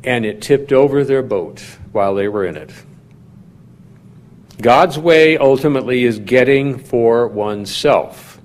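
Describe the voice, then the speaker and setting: A man preaching a sermon in a measured, teaching manner, putting questions to his listeners. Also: medium pitch, lively intonation. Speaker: pastor.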